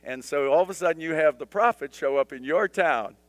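A man's voice: fairly high pitch, brisk, dry recording. A male pastor teaching a Bible study in a conversational way, with humorous asides and dramatized scripture voices.

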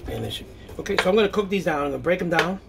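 A man's voice: sits high, expressive, racing, gravelly, heavy background noise. A man hosting a home cooking video, chatting casually and thinking aloud as he works in his kitchen. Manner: chatty, thinks aloud, frequent okays and restarts.

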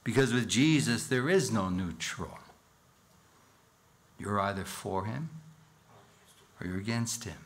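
A man's voice: on the low side, animated, slow, pauses often, fairly bright tone. A man preaching a sermon in church as pastor, earnest, with rhetorical questions and a rising, emphatic reading of scripture. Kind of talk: expository sermon.

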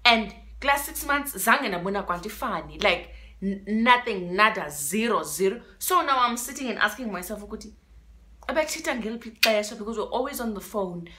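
Her medium-pitched voice is animated and sharp-toned, keeping a moderate pace as she narrates. The young South African vlogger is dramatic and emotional, leaning on repeated words and mixing isiXhosa with English.

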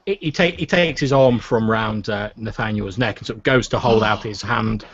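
A man running a tabletop role-playing game as game master, narrating in a relaxed, hesitant way with many fillers. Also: fairly low pitch, normal speed, a little hiss or hum. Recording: dull lo-fi recording.

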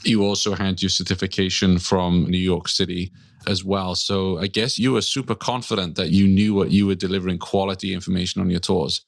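Deep-voiced chatty podcast host, dry sound. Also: male voice, little pitch movement, fairly quick, creaky, no echo. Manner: chatty, encouraging, with fillers and laughs. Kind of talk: casual podcast interview.

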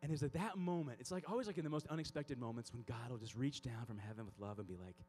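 A man speaking at a youth conference, telling comic stories and acting out scenes in an animated way. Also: medium pitch, fast talker, slight background noise.

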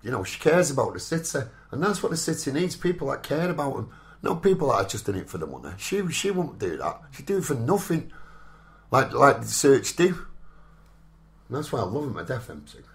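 A man's voice: mid-range voice, sing-song, fairly quick, gravelly. A man with a Salford accent hosting a community radio show in casual chat, with lots of "do you know what I mean". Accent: Salford, Northern English. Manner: chatty, working-class Northern speech with "innit" and "do you know what I mean".

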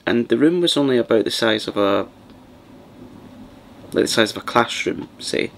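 A man hosting a soft-spoken ASMR chat, rambling and partly whispering as he talks. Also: medium pitch, lively intonation, normal speed, vocal fry, a little hiss or hum. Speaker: ASMR channel host.

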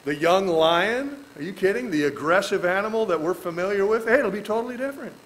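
A man pastor giving a verse-by-verse Bible teaching in a folksy, animated way, with joking asides and chuckles. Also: high-pitched, fairly quick, low-quality recording. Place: church.

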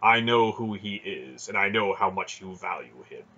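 A man's voice: lowish voice, animated, bright, forceful tone, husky, lo-fi sound, heavily acted. A man doing a gloating sorcerer priest. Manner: slow, gloating and mocking. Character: scheming scarred male sorcerer priest, mocking.

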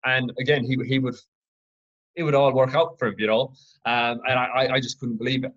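A man from Ireland hosting his own podcast, telling a personal story in an earnest, reflective, halting way. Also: mid-range voice, fairly even intonation, fairly bright tone, lo-fi sound. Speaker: podcast host.

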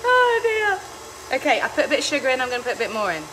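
A woman with a higher, expressive voice talks rapid-fire over background noise as she hosts a home cooking vlog. Giggly and chaotic, she chats casually with live viewers and swears freely while walking through a recipe in her kitchen.

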